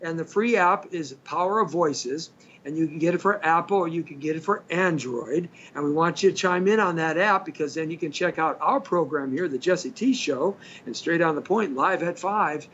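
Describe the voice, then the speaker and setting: A man's voice: a little high, moderate pace, fairly bright tone. A middle-aged or older man hosting a radio show from a studio, chatting in a rambling, joking way. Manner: rambling, chatty, jokey asides. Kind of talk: casual radio monologue. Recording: slightly dull lo-fi stream with faint hiss.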